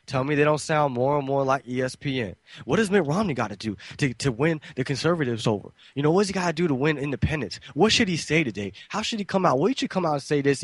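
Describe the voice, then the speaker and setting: A man's voice: fairly high pitch, dry recording, studio quality. A male talk radio host giving loose, slangy, sarcastic commentary between clips.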